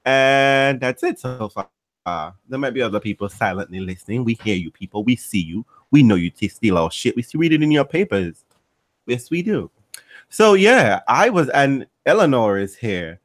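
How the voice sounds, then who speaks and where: Animated, profane male podcast host. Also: mid-range voice, normal speed. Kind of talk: casual podcast banter.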